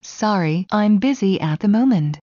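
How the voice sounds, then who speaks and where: A woman slowly reading everyday English phrases one at a time for learners. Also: medium pitch, lively intonation, dark tone, no echo, muffled recording. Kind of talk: slow scripted phrase reading.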